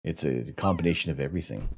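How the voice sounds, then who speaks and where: A man's voice: a bass voice, creaky, breathy edge. A middle-aged Canadian man hosting a live stream, chatty and self-mocking, laughing often as he reads out explanations and answers chat. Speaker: livestream host.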